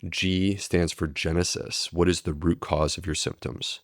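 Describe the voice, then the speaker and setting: Measured and earnest, a male doctor, a gastroenterologist, talks in a podcast interview with a low, steady voice. The recording is dry and studio-grade.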